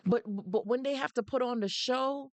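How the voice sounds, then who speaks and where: A woman's voice: on the high side, normal speed, dry recording. A woman hosting a live-streamed advice talk, stressing her points by repeating them to her viewers. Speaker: livestream host.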